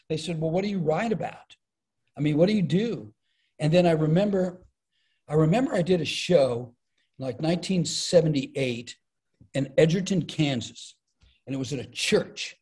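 A man's voice: on the high side, moderate pace. A middle-aged man, a comedian, telling stories in conversation and acting out the voices he quotes. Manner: animated, acts out quoted voices. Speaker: comedian and speaker, podcast guest. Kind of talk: storytelling in conversation.

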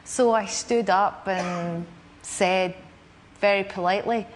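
A Scottish woman telling a lively anecdote as a guest on a chat show. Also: mid-range voice, slow, a little hiss or hum. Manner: lively storytelling, laughing between lines.

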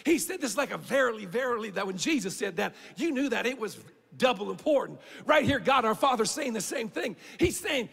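Male pastor, fervent sermon; husky, gravelly high voice in a reverberant sanctuary. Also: expressive, brisk, few pauses. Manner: fervent preaching, swings between shouting and quiet. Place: church sanctuary.

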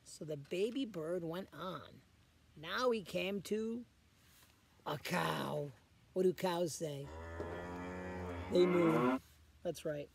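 Gravelly guy reading a picture book to kids, slow and very sing-songy, asks them questions. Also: fairly high pitch, animated, a little hiss or hum. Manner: stops to ask the children questions. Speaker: guest reader.

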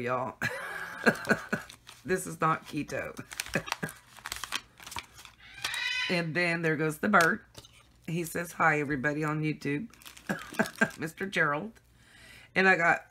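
A woman's voice: lowish voice, pushed and bright, a little hiss or hum. A woman chatting casually and giggling as she unboxes gifts for her viewers at home. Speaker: craft vlogger.

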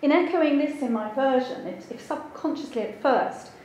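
A woman's voice: sits high, expressive, normal speed, a little mellow. A woman translator giving an academic seminar talk, thoughtful and hedging with frequent ums. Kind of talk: academic lecture. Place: lecture room. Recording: very echoey room with faint background hiss.

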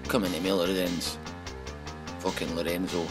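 Sweary Scottish man, low voice. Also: normal speed, music in the background, poor audio. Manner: sweary, excitable running commentary. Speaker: let's play gamer. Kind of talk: let's play commentary.

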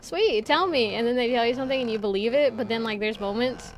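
A young woman with a somewhat high voice rambles through a live game stream, reading chat comments aloud and laughing between thoughts. A steady hiss of background noise sits under her voice. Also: quick pace. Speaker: VTuber streamer. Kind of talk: casual live-stream chat while gaming.

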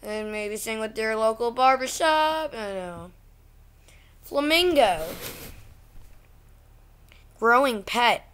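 A woman talking through a casual vlog, ranting and easily exasperated at what she sees. Her voice is bright and a bit high, and her delivery is unhurried and drawn out. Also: expressive, clean tone. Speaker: channel host.

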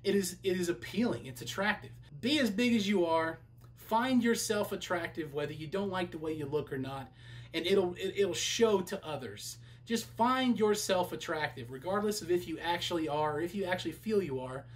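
A man's voice: high voice, lively intonation, normal speed. A young man talking in a casual how-to vlog, candid and poking fun at himself. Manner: candid, self-deprecating, conversational. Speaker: vlogger.

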